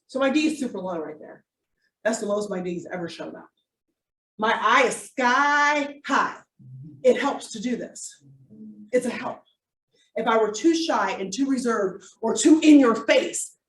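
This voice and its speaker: A woman giving a live workshop as a coach, animated and playful, with comic asides to her audience. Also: a little high. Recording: echoey room, distant mic.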